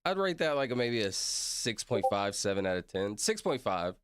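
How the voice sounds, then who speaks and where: A man's voice: fairly low pitch, very animated, normal speed. A man chatting casually on a livestream, rambling, laughing often and apologizing a lot to his chat. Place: at his computer streaming.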